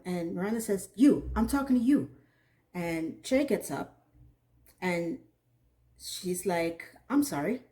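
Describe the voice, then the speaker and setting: Incredulous woman recapping a TV episode. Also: lowish voice. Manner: animated, incredulous, acts out characters' lines. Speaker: TV recap reviewer. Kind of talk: casual recap monologue.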